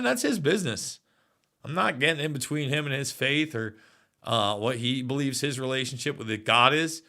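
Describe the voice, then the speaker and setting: Host, forties, male, bright forceful tone, loose chatty delivery, reads chat aloud. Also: mid-range voice. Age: 40s. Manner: rambling, reads viewer comments aloud. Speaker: livestream host. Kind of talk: casual live chat.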